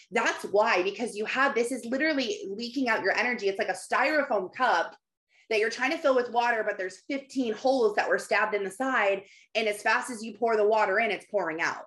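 A woman's voice: mid-range voice, a bit bright. Woman, 30s, candid motivational mom, earnest, rambling list-maker. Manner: earnest, piles up long run-on lists. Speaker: mother giving life advice.

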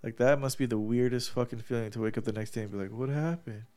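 A very fast-talking man with a warm, steady, mid-range voice co-hosts a podcast. His nose is blocked after surgery as he tells a story casually, full of profanity and frequent laughter.

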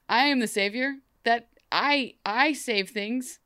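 A young woman chats about a TV episode, animated and joking, slipping into quick voices for the characters. Her voice is smooth and clean. The sound is dry and close. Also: on the high side, no room sound. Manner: animated, jokey, acts out characters in funny voices. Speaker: podcast co-host. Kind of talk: casual chat recapping a TV episode.

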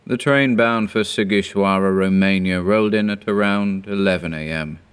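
A man in his thirties narrating a horror story in a measured, grave manner. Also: low voice, smooth.

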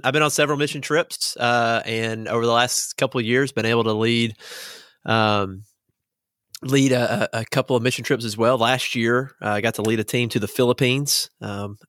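A man on a casual podcast, talking in a relaxed, halting way with many fillers. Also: lowish voice, no echo, studio quality. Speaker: youth minister at a church.

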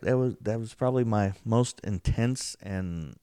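A man casually telling an excited story about a paranormal investigation, acting out what was said. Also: a little slow, clean tone, no echo, studio quality. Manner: excitable, acts out quotes, rising pitch when telling.

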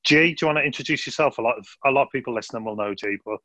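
A man's voice: medium pitch, very fast, sharp tone, no room sound. A man with a Scouse accent hosting a youth podcast in a friendly, upbeat way, with many fillers. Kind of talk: casual podcast chat.

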